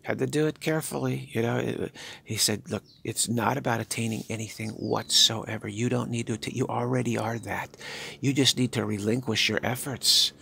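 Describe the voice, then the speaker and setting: An older man giving a spiritual talk, halting and musing, repeating himself as he searches for words. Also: medium pitch, fairly even intonation, creaky, bright, forceful tone, breathy edge. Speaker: spiritual teacher. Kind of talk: spiritual monologue.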